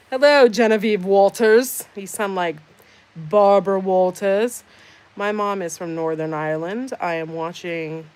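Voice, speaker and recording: A woman hosting a casual livestream, reading out chat comments with sarcastic, teasing banter. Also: on the low side. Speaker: livestream host.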